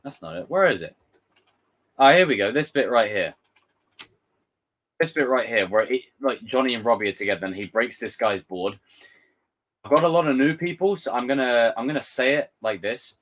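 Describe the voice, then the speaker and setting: A young man chats through a trailer in a loose, rambling way. His pitch leaps up and drops constantly as he jokes and swears casually. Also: expressive, normal speed, long pauses, a bit bright. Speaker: streamer reacting to a trailer. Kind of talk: casual live commentary.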